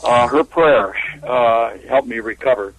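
A man from California calling in to a radio show, talking haltingly with many fillers and restarts. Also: medium pitch, creaky. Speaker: caller. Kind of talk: phone-in call to a radio show. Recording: tinny phone line.

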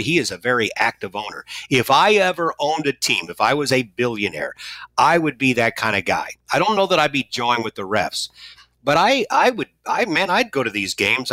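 A man's voice: medium pitch, sharp tone, no echo, poor audio. A man in his sixties from St. Louis, hosting a radio talk show in a casual, rambling way with frequent restarts and asides. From St. Louis, USA.

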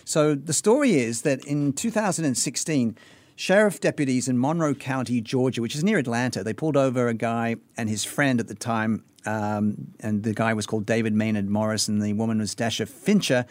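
Man from Australia, radio host, mid-range voice, relaxed conversational telling, dry close studio mic. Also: medium pitch, fairly quick, no room sound. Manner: conversational, summarising a news story with fillers. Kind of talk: casual radio chat.

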